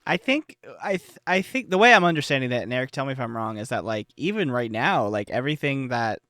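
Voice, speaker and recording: A man on a tabletop podcast thinks out loud, rambling with many fillers and chuckles. His voice is mid-pitched, and the recording is dry. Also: sing-song, fast talker, dry recording. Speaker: player and co-host. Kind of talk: casual podcast chat.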